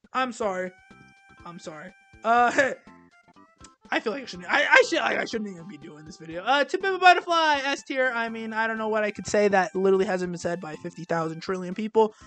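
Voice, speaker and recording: A man's voice: high-pitched, animated, a bit bright, soft background music. Rambling young man ranking albums. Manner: rambling, halting, self-deprecating, many restarts. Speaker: music reviewer. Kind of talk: casual album ranking monologue.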